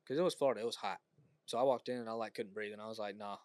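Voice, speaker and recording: Smooth-voiced young man, teasing. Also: on the low side, racing, darkish tone, dry recording. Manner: teasing, emphatic. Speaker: podcast co-host. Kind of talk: casual chat.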